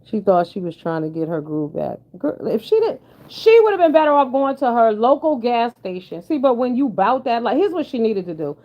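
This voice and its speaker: A woman's voice: on the high side, very animated, brisk, few pauses. A woman giving blunt, sassy, profane commentary in casual chat with her viewers. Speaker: commentary vlogger. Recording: dull lo-fi sound.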